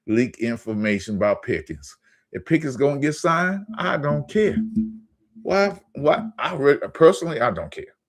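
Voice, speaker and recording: A low-voiced man rants about sports on his own channel. He talks in a heated, profane way, stumbling and repeating words as his anger builds. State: angry. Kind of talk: ranting sports commentary.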